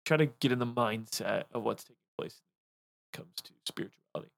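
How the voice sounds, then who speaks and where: A man's voice: medium pitch, a little fast, gravelly, no room sound. A man, a pastor co-hosting a church podcast, talking casually with frequent ums, restarts and dry humor. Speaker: lead pastor, podcast co-host. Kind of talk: casual chat.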